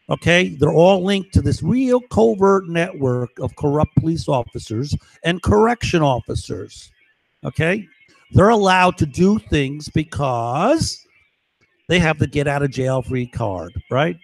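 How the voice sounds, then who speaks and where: A man rants into a microphone at home in an agitated, profane live monologue, keeping up a rambling flow that he punctuates with "right?" and "okay?". His voice sits somewhat high for a man. The sound is dry and close, with no room echo. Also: creaky. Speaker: livestreamer. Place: at home, indoors.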